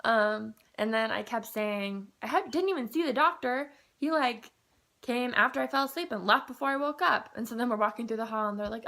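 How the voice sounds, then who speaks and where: A young woman vlogging a casual personal update, chatty and excitable, with lots of ums and likes, a little groggy. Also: fairly high pitch, a little fast. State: groggy after anesthesia.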